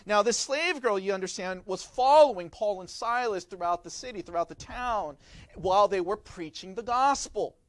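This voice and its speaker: Here a high-voiced man delivers a sermon as pastor, speaking at normal speed in an instructive style. He keeps turning to the audience with rhetorical questions, and the sound carries no echo.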